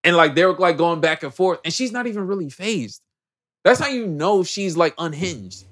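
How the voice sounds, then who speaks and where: Speaking at a moderate pace in a voice that sits high, this man co-hosts a podcast and tells a movie's story in casual, slangy chat. He gets animated and performs the characters' lines as he goes.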